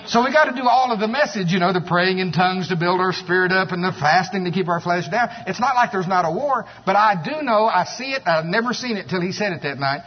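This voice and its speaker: A man preaching a sermon, animated and storytelling, with exclamations and asides. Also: sits high, quick pace, hardly any pauses. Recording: echoey hall, dull sound.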